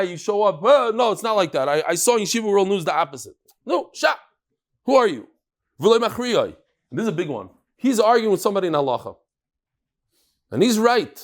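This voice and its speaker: Animated high-voiced man teaching Talmud. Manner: animated, mixes Hebrew and Yiddish terms, acts out quotes. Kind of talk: lively daily Talmud class.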